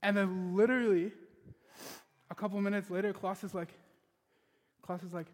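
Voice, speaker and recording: Male pastor, high pitch, animated storyteller who acts out dialogue, long reverb of a big hall. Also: normal speed, pauses often. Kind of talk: sermon with personal story.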